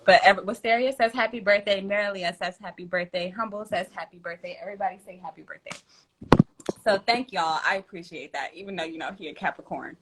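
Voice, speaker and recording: A woman's voice: mid-range voice, fast talker, a bit bright, a little hiss or hum. A woman hosting a tarot livestream from home, chatting casually in slang, laughing often and reading out viewer comments.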